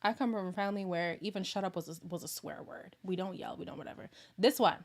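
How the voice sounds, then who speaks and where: A woman vlogger in casual live chat with her viewers, chatty and animated, sometimes dropping to hushed asides. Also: fairly low pitch, quick pace, hardly any pauses. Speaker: vlogger answering viewer comments.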